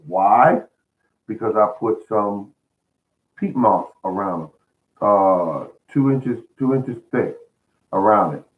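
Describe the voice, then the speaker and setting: A man with a fairly low voice talks through gardening advice in a folksy, earnest manner. He repeats words and restarts his sentences as he goes. The sound is thin and tinny, like a phone line. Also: expressive, slow pace, pauses often. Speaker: host of a home gardening show. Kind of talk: casual spoken gardening advice.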